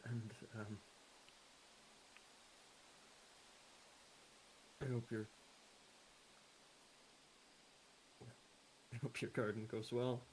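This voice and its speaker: A man voicing a guarded young woman adventurer who speaks hesitantly and softly in a tabletop game. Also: medium pitch, little pitch movement, a little fast, noisy background, close to an everyday voice. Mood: tearful. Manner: hesitant, soft-spoken. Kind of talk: tabletop role-play.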